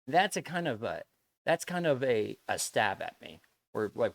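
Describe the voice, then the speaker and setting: A man's voice: mid-range voice, sing-song, normal speed, no room sound. A man streaming live, talking bluntly to his viewers in a lecturing way, swearing and repeating himself as he makes his point. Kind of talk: casual stream chat to viewers.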